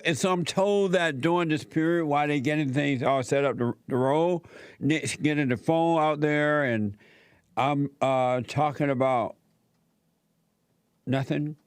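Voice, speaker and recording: A man sits in as host of a call-in talk show, speaking in a fairly high voice for a man. He talks bluntly and with strong opinions, in plainspoken, casual grammar. The sound is dry, close and studio-clean. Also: no echo.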